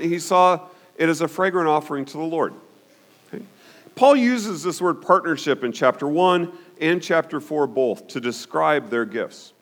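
A man teaching a Bible study in a conversational way, often pausing to ask "okay?" and putting questions to his listeners. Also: on the high side, a bit bright. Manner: conversational, frequent "okay?" check-ins.

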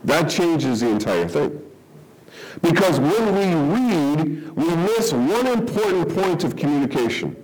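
A man delivering a conversational Bible-teaching sermon, often checking whether listeners follow. His voice sits a bit high and swings widely in pitch. He leans on rhetorical questions to pull the room along. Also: big pitch swings, a little slow, darkish tone, low-quality recording.

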